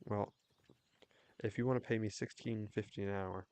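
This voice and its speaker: A young man chatting casually while livestreaming a game, telling a rambling story with quick restarts. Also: on the low side, fairly even intonation, a little mellow, clean tone, no echo. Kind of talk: casual chat while gaming.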